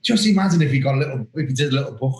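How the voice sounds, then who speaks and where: A man co-hosting a casual referees' podcast, telling anecdotes with lively mimicry. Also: mid-range voice, very fast. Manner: animated anecdote-telling with mimicked voices and laughter. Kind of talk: casual chat, storytelling. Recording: roomy echo.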